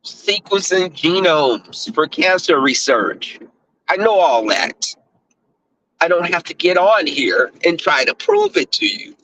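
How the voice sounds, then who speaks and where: A man's voice: high voice, very animated, slow, pushed and bright, no room sound, poor audio. A middle-aged man with a Southern US accent talks to viewers in a blunt, profane, casual monologue, full of fillers and restarts. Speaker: online talk host.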